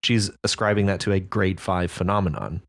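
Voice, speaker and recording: A deep-voiced man co-hosts a writing podcast, talking briskly over listener stories in a laid-back, agreeable manner with plenty of filler words, as part of a casual discussion.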